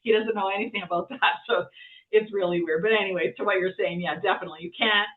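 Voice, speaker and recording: A woman's voice: medium pitch, steady tone, fast talker. A woman guest chatting casually, rambling with lots of fillers and restarts. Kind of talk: casual conversation. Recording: tinny phone-like sound from far off.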